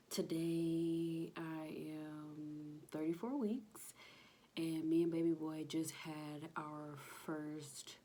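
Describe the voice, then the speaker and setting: A pregnant young vlogger with a deep, mellow voice chats casually with her viewers from her home kitchen. She's out of breath and sighs between phrases, and there's a faint hiss or hum on the recording.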